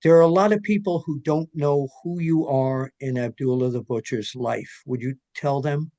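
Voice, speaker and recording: A man hosting an interview, asking questions slowly and deliberately, with pauses and hesitations. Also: medium pitch, mellow. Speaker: interviewer host.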